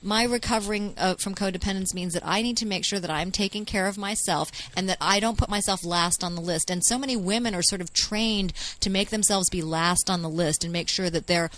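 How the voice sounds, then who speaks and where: A woman's voice: mid-range voice, a little fast, few pauses, fairly bright tone, low-quality recording. Earnest, emphatic woman guest. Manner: earnest, emphatic, quotes others often. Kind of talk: casual podcast conversation. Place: garage.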